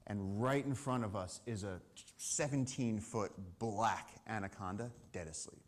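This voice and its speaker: A man telling an animated story at a live conservation event, acting out the lines of the people in it. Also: on the low side, unhurried. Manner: lively storyteller, acts out dialogue and shouts. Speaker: conservation speaker.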